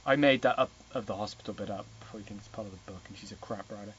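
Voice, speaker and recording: A man's voice: fairly low pitch, very fast, fairly bright tone, lo-fi sound, a little hiss or hum. A man reading a novel aloud for laughs, breaking off with swearing, mocking asides. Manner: irreverent, swears, mocks the text. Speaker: reader of a novel.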